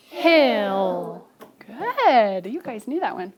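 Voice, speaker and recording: A woman's voice: a little high, sing-song, drawn-out words, a little hiss or hum. A young adult woman teacher leading a phonics lesson with children, coaching them and adding asides to other teachers. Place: classroom. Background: children in class.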